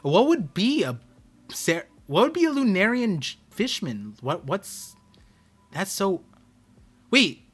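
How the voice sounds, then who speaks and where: A man hosting a live stream, reading a comic aloud and reacting with quick, excited outbursts. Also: high-pitched, slightly rough. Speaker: streamer and host.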